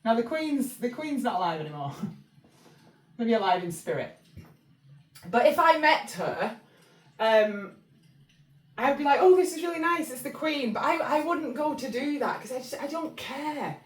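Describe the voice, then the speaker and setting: A woman's voice: fairly high pitch, expressive, a little slow, long pauses, recorded from a distance. A woman from England talking casually and rambling about spiritual life lessons, with lots of fillers and restarts. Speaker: channel host. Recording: echoey room, voice somewhat off-mic.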